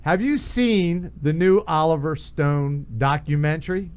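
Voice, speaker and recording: Joking, slightly higher-voiced male radio host. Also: unhurried, darkish tone, smooth. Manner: loose, joking, sings along. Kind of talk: casual talk radio.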